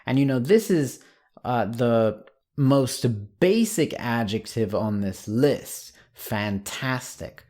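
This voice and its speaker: A man teaching an English lesson online, saying example words slowly and clearly. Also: medium pitch, animated, a little mellow.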